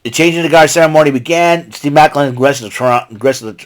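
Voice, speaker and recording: Excitable high-voiced American man. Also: fairly quick. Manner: excitable, chatty, many restarts and asides. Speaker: vlog host recapping wrestling. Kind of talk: casual rambling recap.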